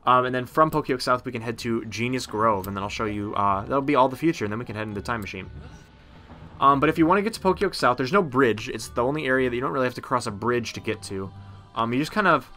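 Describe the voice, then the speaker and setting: A man's voice: mid-range voice, fast talker, sharp tone, soft background music. A man casually narrating a game walkthrough, chatty and rambling with many ums and uhs. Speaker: gameplay narrator.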